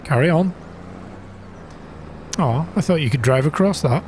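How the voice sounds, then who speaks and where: A man's voice: a little high, animated, unhurried, darkish tone, a little hiss or hum. A man hosting his own gaming channel, giving chatty, self-deprecating commentary while he plays and gasping with surprise at each new thing. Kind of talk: casual gameplay commentary.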